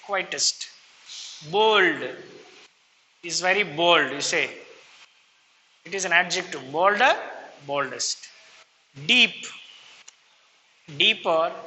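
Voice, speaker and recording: A man's voice: sits high, sharp tone. A male teacher with an Indian English accent, drilling a class through adjective forms, stressing each first word and letting the last one fall. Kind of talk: classroom grammar lesson. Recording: long reverb, faint room noise.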